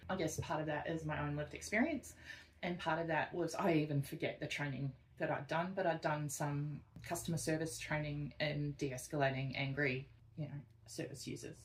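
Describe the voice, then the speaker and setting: An Australian woman co-hosts a casual podcast. She's a social worker who tells animated work stories and acts out the people she quotes. Her voice sits low at a normal speed, and the audio quality is poor.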